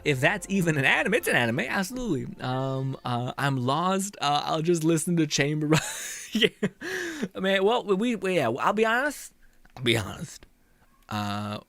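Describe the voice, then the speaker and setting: A man's voice: fairly high pitch, a bit bright. A young man streaming a game, chatting casually with viewers, rambling and swearing often, with laughs between phrases. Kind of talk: casual chat with viewers while gaming.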